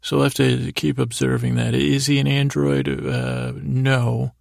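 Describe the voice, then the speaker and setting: A man hosting a sleep podcast, giving a meandering, halting bedtime recap full of restarts. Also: medium pitch, level tone, vocal fry, no echo, clean studio sound.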